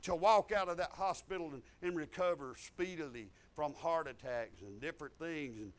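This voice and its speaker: A middle-aged man delivering a sermon in a notably high voice. He swings from shouted declarations down to quiet, confiding asides, and tells stories in a folksy way. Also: moderate pace. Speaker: preacher. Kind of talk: testimony sermon.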